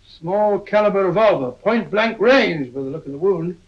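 Gruff old doctor sidekick, high and gravelly, old movie audio. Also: male voice, animated, normal speed. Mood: blustery. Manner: blustering, matter-of-fact. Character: bluff, kindly older male doctor companion. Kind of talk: 1940s film acting. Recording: dull old film soundtrack.

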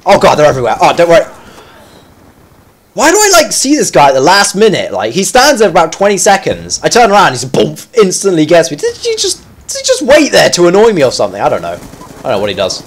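A man's voice: on the high side, wildly swooping pitch, quick pace, breathy edge. A man giving live commentary over his own gameplay. He chats in a self-mocking way, then yelps and squeals at sudden moments. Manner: chatty and self-mocking between fights.

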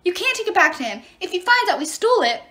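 A woman's voice: sing-song, a little fast. A woman voicing a panicky small male dwarf thief who shrieks and wails, in a storybook reading. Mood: panicked. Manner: shrill, wailing and squealing.

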